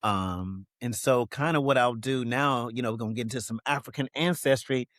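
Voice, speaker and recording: A man's voice: mid-range voice, normal speed, a bit bright, no room sound. Reflective man talking, dry close sound. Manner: reflective, with frequent "you know what I mean" fillers. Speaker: guest. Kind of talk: candid interview talk.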